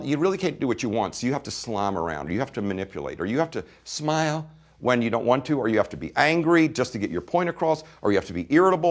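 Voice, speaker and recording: A man teaching energy practices in a spoken talk, retelling a conversation with a client and then speaking straight to his listeners, moving between emphatic and quiet delivery. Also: medium pitch.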